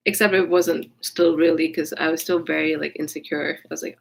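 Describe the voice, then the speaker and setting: A woman's voice: deep voice, steady tone, moderate pace, gravelly, low-quality recording. A woman telling a personal story in a casual vlog, rambling with many restarts and speaking candidly with casual swearing. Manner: rambling, with frequent restarts and fillers. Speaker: vlogger.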